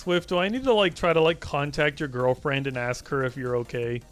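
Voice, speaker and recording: A man's voice: a little high, brisk, faint music behind. Teasing young man streaming. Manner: teasing, swearing, rambling. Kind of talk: casual live-stream chat.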